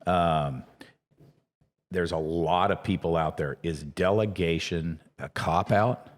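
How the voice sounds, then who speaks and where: Very deep-voiced man hosting a podcast. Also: slow pace. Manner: rambling, searching questions. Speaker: podcast host. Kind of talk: conversational interview. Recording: long reverb, echoey room.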